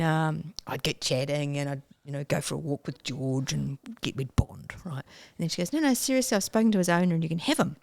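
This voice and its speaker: A woman, a guest telling her story in a casual interview, animated and acting out her own past self with sudden squeals and whispers. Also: deep voice, no room sound.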